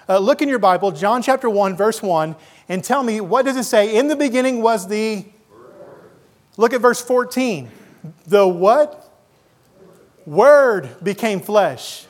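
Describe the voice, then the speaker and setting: A man preaching a sermon as pastor in a church, earnest and slowing down to stress key words. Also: sits high, expressive. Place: church sanctuary.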